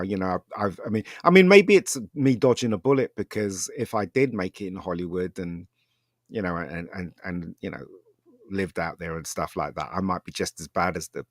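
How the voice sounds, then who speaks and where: A filmmaker appearing as a podcast guest tells a rambling personal story in a casual chat, animated and laughing often. His voice is low and deep with a fairly bright tone, and the sound is dry and close with no room echo.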